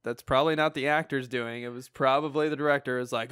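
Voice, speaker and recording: A man's voice: medium pitch, steady tone, fairly quick, few pauses, fairly bright tone, clean tone, no room sound, clean studio sound. A man co-hosting a casual film review podcast, easygoing and jokey. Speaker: podcast co-host.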